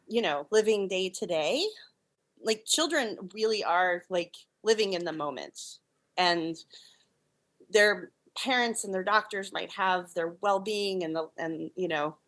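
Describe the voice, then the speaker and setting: Bright-voiced woman telling lively stories. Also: mid-range voice. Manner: animated, laughs often, acts out quoted lines. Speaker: puppeteer and clown, interview guest. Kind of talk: casual storytelling interview.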